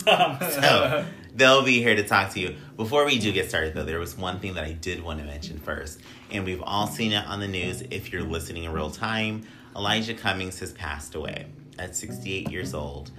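Low-voiced man hosting a loose podcast. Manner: loose, joking, rambling with fillers and asides. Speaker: podcast host. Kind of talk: casual podcast chat.

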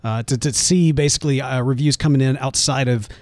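A man's voice: mid-range voice, fairly even intonation, brisk, a little mellow, dry recording. A man co-hosting a podcast in a casual, rambling chat who often calls his co-host "man". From United States. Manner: laid-back, rambling, often says "man".

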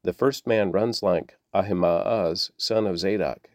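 Guy doing an alert watchman calling down, low voice. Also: measured pace, dry recording, studio quality. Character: alert male watchman on a gate.

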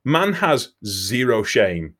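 A man's voice: mid-range voice, slow pace. A man telling a crude comic story in casual chat, swearing freely. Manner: animated, swearing, laughing storyteller.

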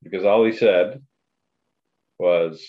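Deep-voiced blunt man on a lo-fi recording. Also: slow pace. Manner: profane, blunt opinions. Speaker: podcast co-host. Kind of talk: casual sports chat.

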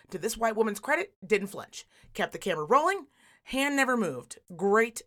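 A woman co-hosting a podcast, telling a story in casual chat, profane and animated, acting out the people she quotes. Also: mid-range voice. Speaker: podcast co-host.

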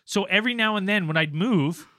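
A young man co-hosting a podcast who tells long, rambling stories in a casual, animated way and swears freely. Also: high voice, brisk, no room sound, studio quality. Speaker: podcast co-host. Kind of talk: casual storytelling.

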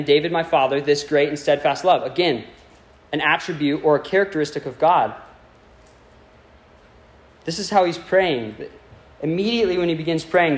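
A man preaching a sermon to a congregation, speaking in a conversational, playful way and putting questions to his listeners. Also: fairly high pitch.

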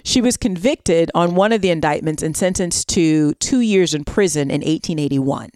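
A woman co-hosting a podcast, telling a history story in a playful, animated way with laughs. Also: low voice, moderate pace, dry recording, clean studio sound. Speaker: podcast co-host. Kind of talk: casual storytelling chat.

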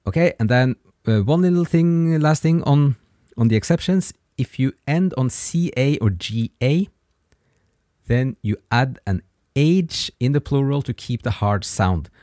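A man teaching a grammar lesson, patient and encouraging, pausing so learners can answer before he gives the form. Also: medium pitch, lively intonation, dark tone, no room sound, studio quality. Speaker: language teacher.

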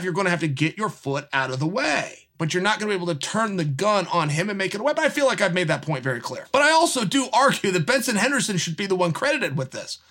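A middle-aged man, a former fighter, casually breaking down fight technique and telling stories with emphatic repetition. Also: high voice. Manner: animated storytelling, emphatic repetition. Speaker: podcast host and former fighter. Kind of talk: casual fight analysis monologue.

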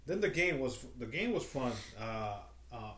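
A man's voice: mid-range voice, sing-song, a little slow, sharp tone, reverberant. A man co-hosting a podcast, telling stories in a rambling, laid-back casual chat. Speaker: podcast co-host.

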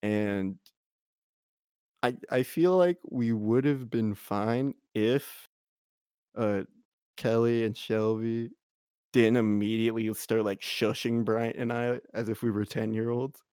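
A man's voice: mid-range voice, steady tone, takes it slowly, a little mellow, clear, resonant tone, no echo, studio quality. A young man casually telling a rambling story, full of "like" and frequent laughter. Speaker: podcast co-host.

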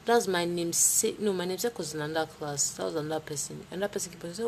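A young woman with a Nigerian accent telling a personal story in a casual, dramatic way, with sudden leaps in pitch. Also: fast, few pauses, slight background noise. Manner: lively, dramatic retelling with sudden jumps in pitch.

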